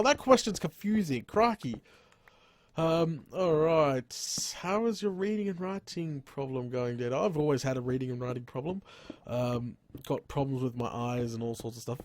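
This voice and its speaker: An Australian man chatting on a casual gaming live stream at home, rambling, laughing often and exclaiming "crikey" into a boom arm microphone. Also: darkish tone. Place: room at home.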